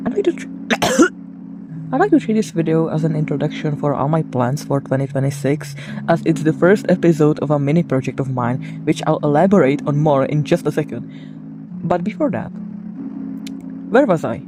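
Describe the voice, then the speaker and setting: A creator with a raspy voice and a fever, chatting casually in a devlog, rambling and self-deprecating, with restarts and coughs. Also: medium pitch, lively intonation, moderate pace. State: has a fever.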